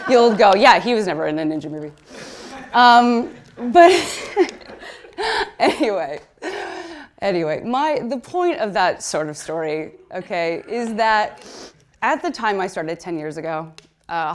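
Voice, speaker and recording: A woman in her thirties telling a comic story on stage, excitable and chatty, filling her talk with "like" and laughing through her words. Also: lowish voice. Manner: excitable and chatty, heavy use of "like". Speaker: speaker at a conference talk.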